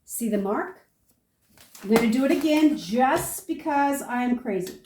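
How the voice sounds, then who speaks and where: An older homesteading woman tells her story with animated, chatty energy. Her voice sits a little high, and it rings in an echoey room. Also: unhurried, recorded from a distance, noisy background. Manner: chatty, animated storyteller, talks viewers through each step. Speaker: homesteader demonstrating food storage. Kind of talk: casual how-to and storytelling.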